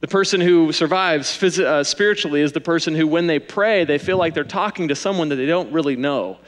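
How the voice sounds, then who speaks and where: A young man gives a sermon in a conversational, lively way, slipping into little acted asides. His voice sits a touch high. It rings out with the long reverb of a large hall. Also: fairly quick. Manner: conversational, animated asides, sings and mimics while preaching. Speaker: pastor.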